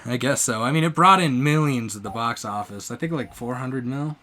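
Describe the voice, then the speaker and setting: A young man hosting a casual podcast, telling an animated story, acting out quotes loudly and laughing often. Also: medium pitch, a little fast, a little hiss or hum. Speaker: podcast host. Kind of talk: casual chat.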